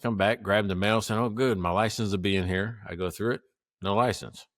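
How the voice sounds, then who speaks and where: A man co-hosting a podcast, telling a story in a casual, animated way, acting out what people said and laughing often. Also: on the low side, brisk, dry recording, studio quality. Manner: animated, acts out quotes, laughs often, swears. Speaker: podcast co-host.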